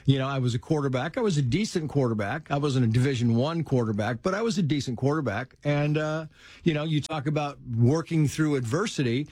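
A middle-aged man telling personal stories in casual conversation, animated, acting out the voices of people in them. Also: fairly high pitch, brisk, dry recording. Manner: animated storyteller, acts out quoted voices. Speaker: guest telling life stories.

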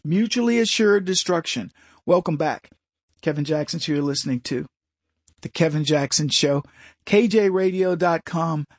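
A man hosts a talk radio show in a high voice, animated and sarcastic. His voice is close and dry, with no room sound. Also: normal speed, no room sound.

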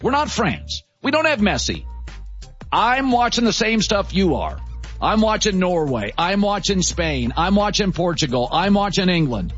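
A man hosts a sports talk show with emphatic, punchy declarations. His voice sits high and swings widely in pitch. The sound is slightly dull, with faint music underneath. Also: a bit bright.

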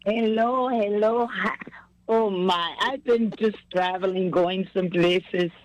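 A woman's voice: mid-range voice, slow, no echo, dull audio. A woman chatting with family about her travels and faith, effusive and repetitive, sliding into a preachy tone. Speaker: singer sharing news with family. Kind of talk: casual chat.

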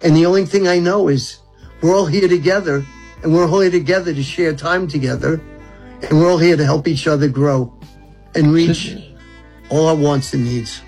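Older man, seventies, from brooklyn, rambling, earnest, slightly high voice. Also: normal speed, darkish tone, slightly rough, soft background music, rough recording. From Brooklyn, New York. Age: 70s. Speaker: guest. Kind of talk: reflective storytelling.

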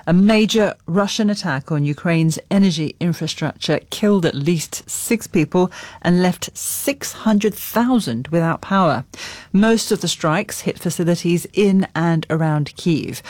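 A man's voice: fairly high pitch, no echo. Dry-sounding studio news anchor, man. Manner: crisp, even headline delivery.

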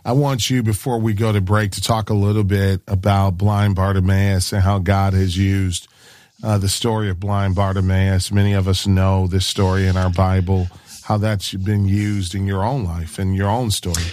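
A man hosting a Christian call-in radio show, talking in an enthusiastic, encouraging way and pitching to listeners. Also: little pitch movement, moderate pace, a little mellow, dry recording, clean studio sound.

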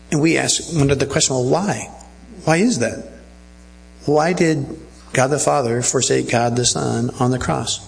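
A man's voice: mid-range voice, gravelly, a little hiss or hum, rough recording. A male pastor preaching a sermon earnestly and checking in with his listeners.

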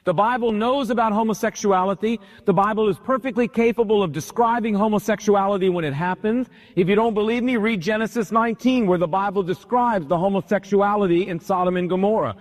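A man pastor preaching a sermon, retelling a story with animated, emphatic repetition, in a church hall. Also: sits high, brisk, hardly any pauses. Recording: long hall reverb.

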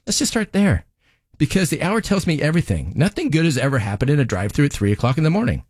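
A stern, sarcastic TV judge tears into a defendant in a lively, up-and-down voice that swings between mockery and disbelief, as a man reads her part. The pitch sits a little high for a man, and the sound is dry and close. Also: quick pace, no echo. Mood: scolding. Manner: sarcastic, scolding, mocking the defendant. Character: stern, scolding female TV judge handing down rulings. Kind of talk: comedic courtroom monologue.

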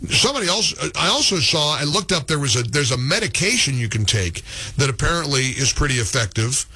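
A man in his forties hosting a call-in radio talk show, joking and ranting with animated exasperation. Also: a little high, brisk, husky, no room sound. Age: 40s. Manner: animated, jokey, exasperated rants.

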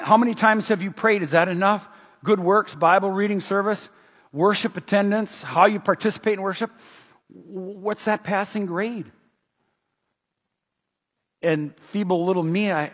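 Pastor, man, higher voice with a husky edge, earnest rhetorical sermon, dull reverberant church recording. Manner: earnest, rhetorical questioning preacher. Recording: dull lo-fi sound with long hall reverb.

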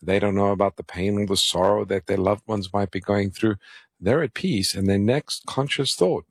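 A man's voice: lowish voice, normal speed, slightly rough, no echo, studio quality. A man co-hosting a call-in Bible radio show, explaining scripture, giving phone numbers and introducing callers. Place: radio studio.

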